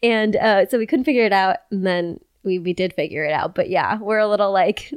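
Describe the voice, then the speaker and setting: A woman's voice: medium pitch, brisk, clean tone, dry recording, studio quality. A woman in her twenties hosting a casual podcast chat with a friend on her couch, laughing often and swearing casually. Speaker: podcast host. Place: apartment living room, on a couch.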